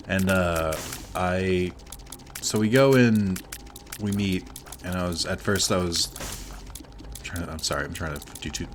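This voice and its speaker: A male streamer casually telling a story while gaming, rambling and correcting himself, with lots of fillers. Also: low voice.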